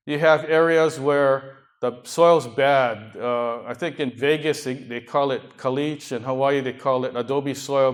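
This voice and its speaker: Man, slightly high voice, seminar presenter, joking asides, talking to a conference room audience. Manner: joking asides between slide points. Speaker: seminar speaker.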